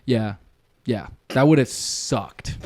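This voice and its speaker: A man's voice: mid-range voice, takes it slowly, a little mellow. A young man on a podcast, telling a rambling story in casual chat, full of slang and swearing. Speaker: podcast co-host.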